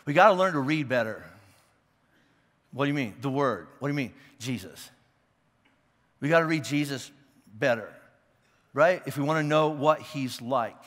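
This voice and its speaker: A man's voice: mid-range voice, animated, moderate pace, pauses often, a bit bright, in a large hall. A man preaching a sermon as a pastor, talking conversationally and checking in with listeners, often restarting his words. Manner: repeats and restarts words as he thinks. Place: church auditorium.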